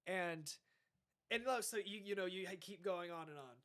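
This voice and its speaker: A young man with a fairly high voice chats casually on a podcast. He rambles, restarts sentences and lets his thoughts trail off as he reacts to dating advice. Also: moderate pace, bright, forceful tone. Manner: rambling, trailing off, self-correcting. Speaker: podcast host.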